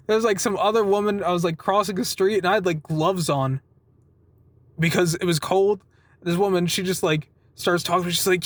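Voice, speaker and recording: A man's voice: high voice, normal speed, no echo. A man giving a casual, rambling vlog update. He swears freely, laughs through his stories and keeps wandering off topic. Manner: wandering, self-interrupting storytelling. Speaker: vlogger.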